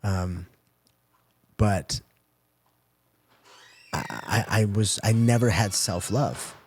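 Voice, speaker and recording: In an interview with slight background noise, a man in his forties, once a fighter and now a coach, speaks extremely slowly in a fairly low voice. His stories are candid and profane, peppered with quoted asides.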